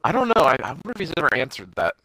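A man's voice: fairly high pitch, rapid-fire, no room sound, poor audio. A man co-hosting a casual podcast, giving his opinions on a TV show in a chatty way. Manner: animated, chatty, offers opinions. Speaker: podcast co-host. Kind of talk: casual episode discussion.

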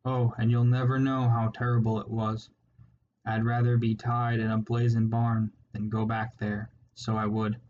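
A man's voice: mid-range voice, monotone, normal speed, natural voice. A man voicing a cowardly, superstitious male ferret soldier with an Irish accent, rambling and pleading, in a slightly muffled recording with faint hiss. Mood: wailing, frightened. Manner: rambling, wailing, rustic storyteller's turns of phrase.

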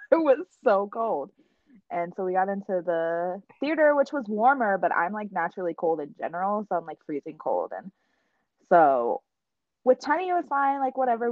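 A woman in casual chat, telling a story with animated energy, swearing and laughing often. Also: medium pitch, no room sound, dull audio.

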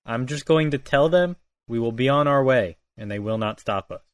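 Relaxed young male player, dry sound. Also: mid-range voice, moderate pace, smooth, dry recording. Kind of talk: casual gaming banter.

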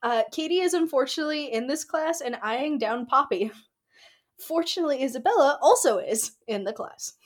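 A woman's voice: sits high, expressive, brisk. A woman co-hosting a podcast, recapping a book in casual chat with dry quips and frequent laughter. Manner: giggly, recaps with laughing asides. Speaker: podcast co-host.

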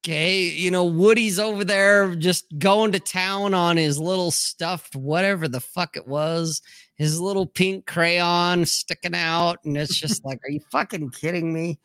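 A middle-aged man with a bright, forceful voice tells crude, rambling stories in casual livestream chat. He swears freely and acts out the people he quotes. The sound is dry and close. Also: high-pitched, unhurried, clear, resonant tone, dry recording. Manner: crude, animated storytelling. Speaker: podcast host.

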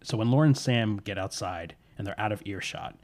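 A man recounts a spooky story in a relaxed, conversational way, with a voice sitting on the low side. He drops into short quoted lines for the characters as he goes. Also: a little fast.

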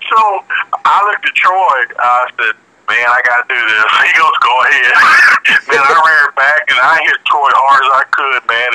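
A man in casual chat, animated and laughing, acting out voices as he tells stories. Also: medium pitch, noisy background.

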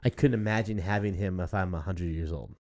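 A man's voice: deep voice, a little fast. A man in his thirties co-hosting a podcast in casual, joking chat, laughing often. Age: 30s. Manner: jokey, animated, laughs often. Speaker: podcast co-host.

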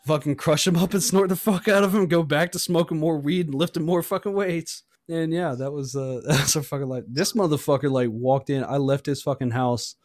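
A man telling rambling, profane stories in casual chat, slipping into shrill voices for people he quotes. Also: brisk, hardly any pauses, no echo, clean studio sound.

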